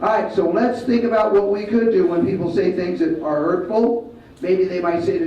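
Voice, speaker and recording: A male martial arts instructor leading a school assembly, giving loud commands and calling for the kids to repeat after him. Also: sits high, fairly quick, slight background noise. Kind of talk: school assembly talk with call-and-response. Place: large school hall or gym. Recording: echoey hall, distant, dull sound, faint crowd.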